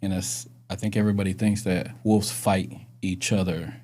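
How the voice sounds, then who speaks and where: A man's voice: low-pitched, flat delivery, normal speed, darkish tone, a little hiss or hum. A middle-aged man hosting a podcast, talking earnestly and reflectively in casual conversation, asking his guests questions. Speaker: podcast host.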